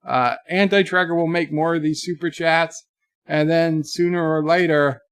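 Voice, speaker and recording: A man's voice: on the high side, fairly even intonation, moderate pace, a bit bright, smooth, dry recording, studio quality. A man hosting a livestream, reading viewer chats aloud in a chatty, mocking way. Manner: chatty, mocking, slips into joke accents. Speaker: livestream host.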